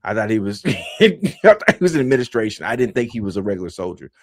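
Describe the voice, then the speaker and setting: A man's voice: fairly low pitch, big pitch swings, fast, no echo. A man hosting a podcast, telling a laid-back, rambling story with many fillers, close to the mic. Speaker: podcast host. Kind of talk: casual storytelling.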